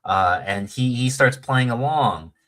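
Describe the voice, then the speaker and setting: A man's voice: mid-range voice, a little slow, a bit bright. A man telling a long story in casual chat, rambling with many fillers and restarts and acting out the quoted lines.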